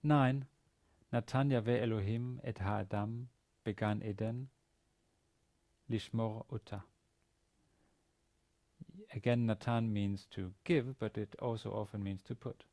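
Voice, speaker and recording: Speaking slowly with long pauses, a man with a fairly low, slightly mellow and steady voice teaches Biblical Hebrew at university level. The lecturer methodically reads each Hebrew sentence aloud, translates it, then explains the grammar step by step.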